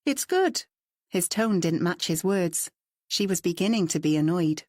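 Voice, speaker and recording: A woman with a lowish voice narrates an audiobook in a measured, even storytelling style. The sound is clean studio quality with no echo.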